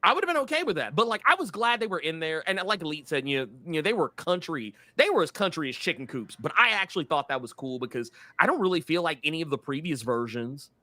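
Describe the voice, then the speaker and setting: A man's voice: fairly high pitch, big pitch swings, fast talker, few pauses, sharp tone, dry recording. A man from Tennessee, co-hosting a casual movie discussion, swearing freely and acting out quotes. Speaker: podcast co-host.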